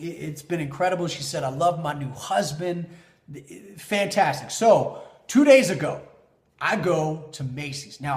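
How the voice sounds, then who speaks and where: A man in his thirties, a leadership coach, telling a motivational story to camera with big swings in pitch and loudness. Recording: echoey room.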